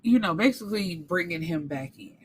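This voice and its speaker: A woman's voice: lowish voice, expressive, normal speed, a little hiss or hum. A woman reviewing a book in a casual recap, talking candidly with some cursing and acting out characters' lines.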